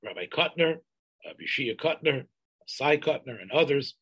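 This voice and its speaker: Older man, husky, halting storytelling. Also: mid-range voice, lively intonation, a bit bright, rough recording. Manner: halting, many restarts, Yiddish and Hebrew terms. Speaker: interviewee. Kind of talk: oral history interview.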